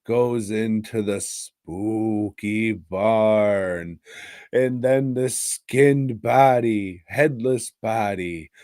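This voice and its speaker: A man's voice: on the low side, very slow, darkish tone, dry recording, studio quality. A man co-hosting a movie podcast, recapping a film in crude, jokey casual chat and breaking into silly voices. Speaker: podcast co-host.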